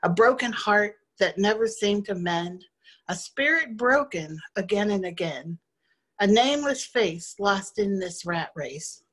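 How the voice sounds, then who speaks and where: A woman, a guest speaker at a spiritual service, reciting a rhyming poem with a measured rhythm. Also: mid-range voice, lively intonation, fairly bright tone, husky. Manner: rhythmic, measured reading in rhyme. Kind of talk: poetry recitation.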